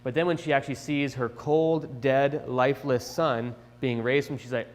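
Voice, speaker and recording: A young man telling a children's Bible lesson in a chatty, animated way, with restarts, in an echoey church hall. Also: mid-range voice, moderate pace, hardly any pauses. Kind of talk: casual Bible storytelling for children. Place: church sanctuary.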